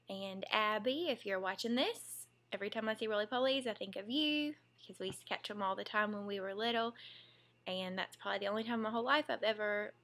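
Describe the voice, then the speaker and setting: A woman's voice: mid-range voice, fairly bright tone. A young woman with a Southern US accent, a mom and former teacher, chatting in a casual home vlog and reading off a word list. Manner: chatty and giggly, drawling asides.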